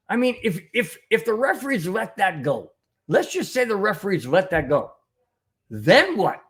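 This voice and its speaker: A man's voice: high voice, big pitch swings, normal speed. A man hosting a fan podcast, ranting with indignation and rambling with repeated phrases and restarts while he reads chat comments. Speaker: podcast host reading live chat. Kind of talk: heated sports recap with chat.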